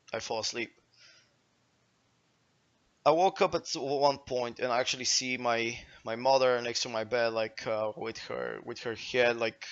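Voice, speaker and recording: A man's voice: mid-range voice, fairly bright tone, muffled recording. A young man in his late teens with a Bulgarian accent, a native Bulgarian speaker, telling a story to his stream chat in a rambling way, full of fillers and swearing.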